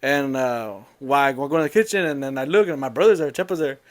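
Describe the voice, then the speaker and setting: Fast-talking man telling a family story. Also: medium pitch. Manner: rambling, animated storytelling with laughs. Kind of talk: casual storytelling.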